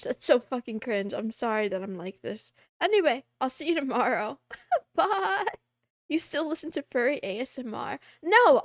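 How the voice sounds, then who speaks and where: A high-pitched woman with a lively, bouncing voice chats with her stream audience, reading messages aloud and teasing. She is playful and giggly, and the recording is dry and close. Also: no echo. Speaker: VTuber streamer. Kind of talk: casual chat reading viewer messages.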